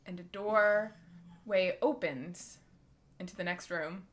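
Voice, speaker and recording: Bright-voiced woman dungeon master. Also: on the low side, takes it slowly. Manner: descriptive, rambling, lots of likes and ums. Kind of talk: narrating a tabletop game.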